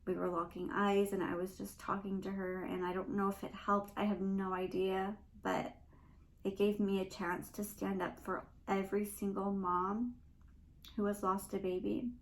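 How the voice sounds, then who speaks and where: A woman's voice: medium pitch, little pitch movement, unhurried, rough recording. A young woman hosting a podcast, talking earnestly and emotionally in a rambling personal monologue. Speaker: podcast host.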